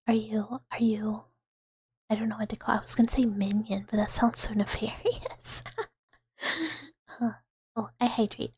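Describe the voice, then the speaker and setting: A young adult woman streamer in a whispered ASMR chat, rambling playfully in soft unvoiced whispers and giggling. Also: fairly high pitch, slightly rough, dry recording.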